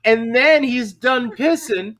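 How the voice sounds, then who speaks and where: A man co-hosting a crude comedy podcast, telling stories with animated delivery and dropping low for quoted voices. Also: takes it slowly. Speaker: podcast co-host.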